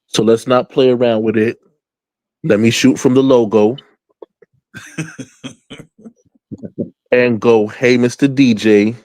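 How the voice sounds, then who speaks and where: A man's voice: lowish voice, a little mellow, dry recording. A man taking part in a casual group music draft, easygoing and agreeable. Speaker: draft participant.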